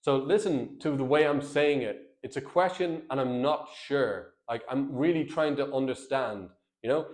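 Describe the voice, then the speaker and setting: Brief: earnest man, marriage coach talking to camera, mid-pitched voice, plain direct delivery. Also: normal speed, few pauses. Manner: earnest, plain-spoken, addresses viewers as guys and brother.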